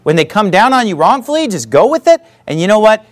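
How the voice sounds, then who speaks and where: Emphatic, high-pitched preaching man. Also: very animated, quick pace. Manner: emphatic, conversational preaching with repeated asides. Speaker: pastor. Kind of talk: sermon.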